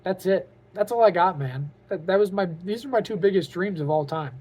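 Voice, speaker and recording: A man's voice: high voice, fairly quick, a little mellow. Earnest, rambling man vlogging. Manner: earnest and rambling, full of "like" and "you know"; heartfelt and openly emotional. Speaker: vlogger and aspiring author. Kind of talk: casual talk to camera.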